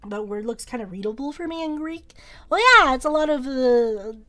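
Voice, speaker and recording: A woman's voice: sits high, animated, moderate pace, sharp tone. A young woman streaming from home, chatting casually and rambling as she draws, often laughing and repeating words. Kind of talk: casual chat while drawing on stream.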